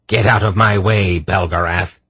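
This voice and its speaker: Man playing a gruff hunchback sorcerer. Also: deep voice, fairly even intonation, measured pace, fairly bright tone, no room sound, exaggerated voice. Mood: angry. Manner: gruff, then lilting brogue in disguise. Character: grumpy gnarled old hunchback sorcerer, male.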